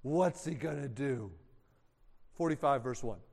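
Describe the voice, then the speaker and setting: A man's voice: medium pitch, a little slow, creaky, darkish tone. A man preaching a sermon, retelling a story dramatically with casual slang. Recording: long hall reverb.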